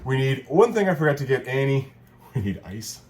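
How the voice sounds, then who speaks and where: A man's voice: medium pitch, very animated, moderate pace, over music. A man chatting casually while he demonstrates a cocktail at home, joking and correcting himself as he goes. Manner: rambling, joking, self-correcting. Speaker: cocktail video co-host.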